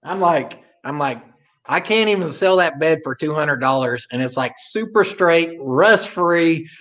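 A man's voice: fairly high pitch, animated, unhurried, a bit bright, muffled recording. A man from Oklahoma co-hosting a livestream, chatting casually in a rambling, drawling way. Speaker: livestream co-host. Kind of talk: casual chat.

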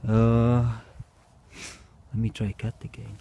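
Slow, mellow-voiced man musing outdoors. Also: on the low side, steady tone. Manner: hesitant, wondering, with bursts of mooing, barking and meowing. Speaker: vlogger. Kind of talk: casual experiment commentary. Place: outdoors at night.

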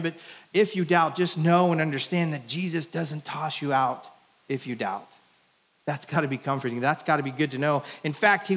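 A man preaching a sermon as pastor, telling stories with lively acted-out voices and small jokes. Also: fairly high pitch. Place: church.

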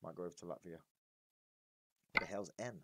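A man with a low-pitched voice talks briskly and swears freely while chatting with viewers on a live stream of a truck driving game. Loud engine noise from the game plays behind him.

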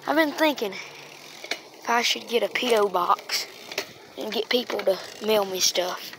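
A woman's voice: mid-range voice, unhurried. A woman vlogging outdoors at night, chatting and rambling to her viewers while holding a phone. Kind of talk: casual rambling vlog. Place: outdoors at night, yard and street. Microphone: phone held in hand. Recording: phone recording with steady background noise.

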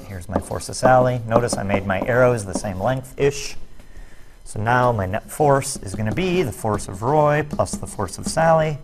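A man's voice: medium pitch, noisy background. A man teaching a physics lesson on net force, explaining worked problems step by step with jokey, self-deprecating asides. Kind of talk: recorded classroom lesson video.

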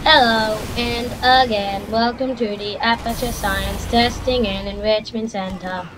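A woman voicing a cold, sarcastic female AI computer from a game, speaking slowly and flatly in a mocking tone. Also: a little high, noisy background, natural voice. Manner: slow, flat, mocking delivery.

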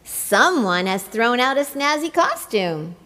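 A woman's voice: a little high, big pitch swings, takes it slowly, pushed and bright, long reverb tail, pitched above the performer's own voice, heavily acted. A woman doing a chirpy, clumsy little penguin. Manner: chirpy, eager. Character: cheerful, clumsy odd-bird male penguin.

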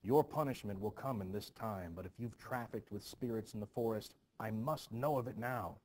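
A man's voice: fairly low pitch, normal speed, a little mellow, slight background noise, close to an everyday voice. Man reading a stern, anxious minister. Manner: stern, worried, scolding. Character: anxious stern middle-aged minister, self-pitying. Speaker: teacher. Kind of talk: dramatic play reading.

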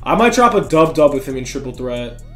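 A young man giving excitable, slangy running commentary over his own video game play as a gaming channel host. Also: mid-range voice, brisk, soft background music. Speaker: gaming YouTuber. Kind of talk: live gameplay commentary.

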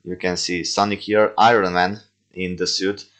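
A young man with a deep, low voice talks casually through his homemade toy films, often stopping to say "uh" and correct himself. English is not his first language, and his delivery stays loose and rambling. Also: flat delivery, moderate pace, a bit bright. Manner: rambling, with frequent fillers and self-corrections. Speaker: toy film creator commenting on his own movies. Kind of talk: casual reaction commentary.

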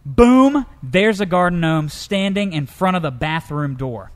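A man co-hosting a comedic news-story show, telling tales in a lively, animated way. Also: measured pace. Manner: lively storyteller, jumps into high pitch for characters. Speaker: co-host.

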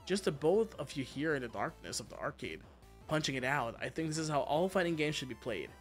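A man streaming a game, chatting casually and telling stories, excitable and swearing a lot with frequent laughter. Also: fairly high pitch, brisk, faint music behind. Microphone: streaming mic.

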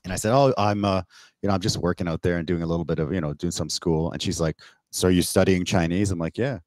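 A man from Canada, a podcast guest, telling a story in casual, animated talk over a remote call, swearing and acting out the exchanges he quotes. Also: sits low, fast talker, no room sound. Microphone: remote call mic.

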